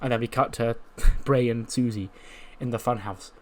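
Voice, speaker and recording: A man hosting a gaming video, recapping events in an animated, casual way with lots of fillers. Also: medium pitch, moderate pace. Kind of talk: casual game commentary.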